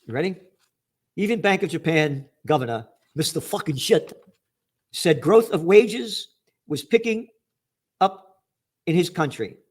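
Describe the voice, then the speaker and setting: A middle-aged man ranting through news headlines, profane and angry, shouting to stress his points. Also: on the high side, expressive, a little slow, long pauses, slightly rough. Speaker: trends commentator.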